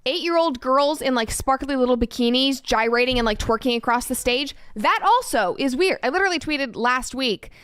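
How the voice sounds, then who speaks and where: A woman argues her case in a commentary video, earnest and emphatic. Her voice sits high and sounds smooth and clear. The recording is dry, close and without room echo. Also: moderate pace, few pauses. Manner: earnest, emphatic, steady argument. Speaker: political commentator.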